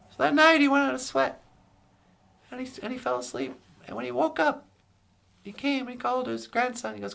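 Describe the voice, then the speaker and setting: Woman with a high, gravelly voice. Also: a little fast, fairly bright tone. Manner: rambling, self-correcting. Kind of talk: joke storytelling on a live stream.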